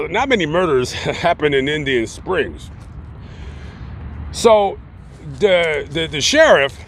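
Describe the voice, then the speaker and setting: A man casually retelling a true-crime story, rambling and acting out the quotes in animated voices. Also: fairly high pitch, slight background noise. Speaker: YouTube storyteller.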